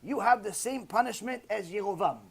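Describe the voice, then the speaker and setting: High-voiced man preaching emphatically. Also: fairly quick, creaky, breathy edge. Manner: emphatic, repeats key phrases, rhetorical questions. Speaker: rabbi. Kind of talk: Torah lecture sermon.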